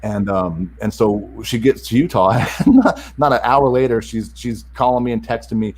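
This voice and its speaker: A middle-aged man telling a family story in a casual interview, animated and acting out the other voices in it. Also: lowish voice, brisk, few pauses, a little hiss or hum, rough recording. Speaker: podcast guest.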